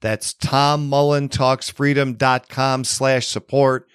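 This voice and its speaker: A man hosting a podcast, asking questions and reading a support message in a measured way. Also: mid-range voice, little pitch movement, smooth, no room sound, studio quality. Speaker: podcast host. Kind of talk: interview questions and read sponsor break.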